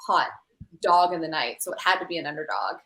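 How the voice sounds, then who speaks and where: A woman's voice: low voice, a little fast, reverberant, rough recording. A woman hockey broadcaster guesting on a podcast, telling rambling stories with lots of laughter. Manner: rambling, animated, laughs often. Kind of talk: casual podcast chat, storytelling.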